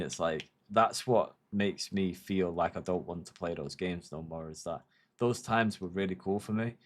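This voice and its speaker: A man in his thirties with a very deep, low-pitched voice talks casually to his stream. He rambles and reflects, swearing freely, in a loose conversational flow. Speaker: livestreamer. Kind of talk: casual chat on a livestream.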